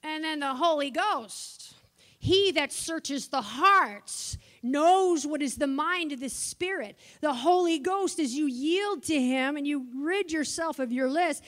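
A woman preaching a sermon, passionate at times and soft in her asides. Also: high-pitched, animated, slow. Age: older. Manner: impassioned, swings from shouting to soft asides.

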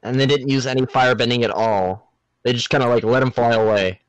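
A man's voice: medium pitch, steady tone, a little fast, smooth. A young man in casual, profane chat, reacting to a movie with mocking disbelief. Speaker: friend watching a movie, fan of the show.

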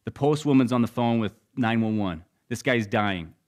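A man's voice: mid-range voice, moderate pace. Man preaching a storytelling sermon. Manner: storytelling, swings between loud and hushed. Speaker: pastor.

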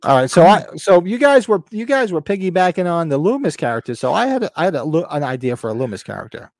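A man's voice: a little high, very animated, fast talker, dry recording, clean studio sound. A man co-hosting a casual podcast, rambling and restarting his sentences, swearing now and then. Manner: rambling, stop-start, swears. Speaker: podcast co-host. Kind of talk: casual chat.

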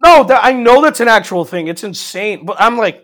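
Excitable young man with a high, swooping voice. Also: normal speed. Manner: excitable, swears a lot, trails off and restarts. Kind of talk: casual chat.

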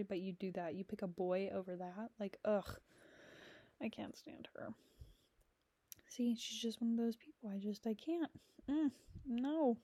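Here a young adult woman podcast host talks through friendships in a loose, candid monologue full of fillers and frank cursing. Her pitch is slightly high, her tone dark, and the recording has no echo.

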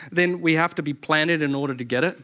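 A man preaching a sermon as pastor, animated and repeating words as he builds to his points. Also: a little high, normal speed. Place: church service.

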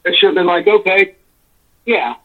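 Calling in on a tinny-sounding phone line, a high-voiced man speaks at a normal pace. His story is a long, rambling gripe, delivered with exasperation and plenty of swearing.

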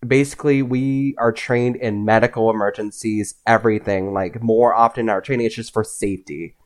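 A young man, a podcast guest, telling personal stories in a casual, animated way, often acting out what others said. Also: fairly low pitch, brisk. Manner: animated, acts out voices in his anecdotes. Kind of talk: casual storytelling.

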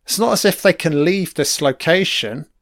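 A man's voice: a little high, animated, moderate pace, a bit bright, dry recording, studio quality. A man giving a casual audio commentary on a film, swearing freely and rambling with trailing-off asides. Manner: profane, enthusiastic, frequent swearing.

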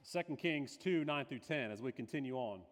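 A man's voice: mid-range voice, lively intonation, normal speed, in a large hall. A male pastor preaching a sermon, slipping into quoted voices with dramatic shifts.

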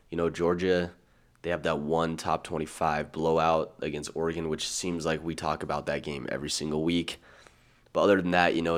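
A man co-hosting a podcast, chatting casually about college football with dry humor. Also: extremely low pitch. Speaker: podcast co-host. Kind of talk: casual sports chat.

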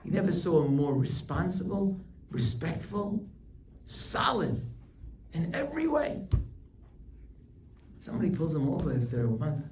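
Animated rabbi teaching in an echoey room. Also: male voice, normal speed, a little hiss or hum. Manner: animated storytelling, jumps high for emphasis. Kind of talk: weekly class sermon. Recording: roomy hall, distant mic, faint ambience.

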